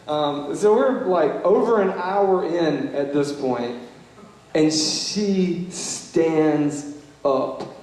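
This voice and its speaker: A man's voice: fairly high pitch, measured pace, darkish tone. A young man giving an earnest, conversational banquet speech, telling stories full of "you know" and "like". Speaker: Young Life leader giving a banquet talk. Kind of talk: storytelling speech. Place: large banquet hall. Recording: very echoey hall with long reverb.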